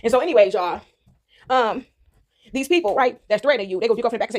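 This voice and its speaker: Quick, high-ish woman vlogger, loose rambling monologue over kitchen work. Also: lively intonation, slight background noise. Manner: rambling, repeats "right?" often. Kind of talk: casual talk while baking.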